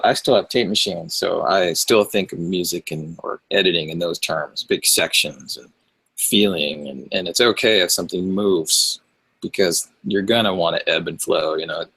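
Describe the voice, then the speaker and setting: A middle-aged man with a very low voice, rough with fry and a husky grain. He talks shop in a relaxed, level way that tends toward monotone. The mic is close and dry, with no room sound. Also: no room sound, poor audio. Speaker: record producer and mix engineer. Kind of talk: relaxed interview talk.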